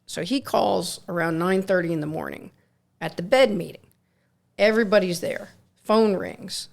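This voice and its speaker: A woman's voice: on the low side, normal speed, vocal fry. A middle-aged woman, a nurse co-hosting a podcast, telling rambling anecdotes in casual chat and acting out quotes.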